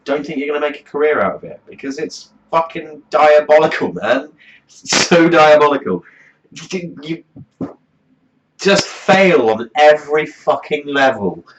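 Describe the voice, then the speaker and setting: A man's voice: on the high side, animated, a little slow, highs cut off, slight background noise. A man delivering a profane comedic rant as a music review host, swearing constantly in a mocking, exasperated way.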